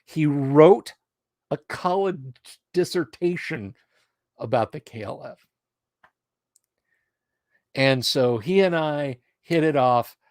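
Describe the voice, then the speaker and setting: Middle-aged male streamer, hype-building ramble, slow delivery, dry close mic. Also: on the high side, animated, a little mellow, no room sound. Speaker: livestream host. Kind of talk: casual livestream chat.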